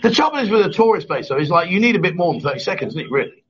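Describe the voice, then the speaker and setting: A man's voice: sits high, big pitch swings, very fast, muffled recording. A man hosting a casual live chat show, joking and teasing his co-host.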